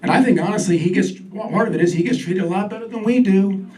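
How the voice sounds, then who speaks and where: A man's voice: high voice, fast talker, darkish tone. A man doing a stand-up comedy set on a club stage, talking in a loose, self-deprecating way. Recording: distant stage mic with crowd. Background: audience laughter.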